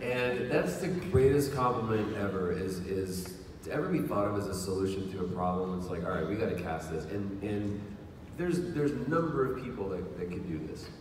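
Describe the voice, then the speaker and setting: A man's voice: fairly low pitch, lively intonation, moderate pace, few pauses, a little hiss or hum. A man, a voice actor, joking and telling a self-mocking story on a panel in a large convention hall. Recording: echoey hall, far mic, loud crowd.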